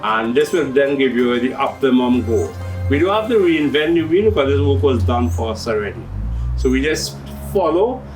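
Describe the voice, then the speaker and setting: A man's voice: medium pitch, sing-song, moderate pace, far from the mic, soft background music, rough recording. A middle-aged man with a Trinidadian accent, patiently explaining how his hydroponic systems work on a farming TV show. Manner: explanatory, patient, uses local turns of phrase. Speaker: hydroponics shop owner.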